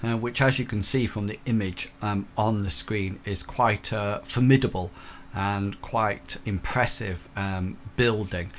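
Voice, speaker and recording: A man's voice: lowish voice, steady tone, unhurried, slight background noise. A man narrating a tabletop horror game as game master, rambling through many fillers and restarts.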